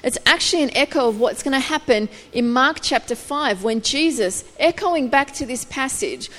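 A woman's voice: high voice, lively intonation, normal speed, fairly bright tone. A woman preaching a sermon, explaining scripture thoughtfully and building intensity as she goes. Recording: long reverb of a hall.

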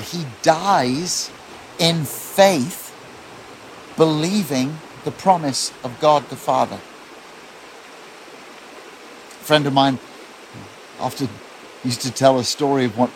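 A man preaching a sermon as pastor, telling the story in an earnest, quietly intense way. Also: medium pitch, slight background noise.

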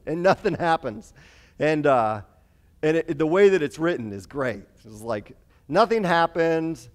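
A man's voice: fairly high pitch, measured pace. Man retelling Bible stories animatedly. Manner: animated storytelling with asides and fillers. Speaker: Bible study teacher. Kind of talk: conversational Bible lesson.

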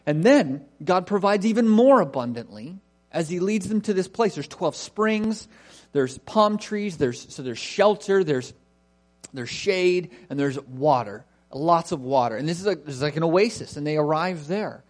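A man's voice: fairly high pitch, expressive, a little slow, a little mellow. A man preaching a sermon, reading scripture and asking the congregation questions in an earnest way. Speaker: pastor.

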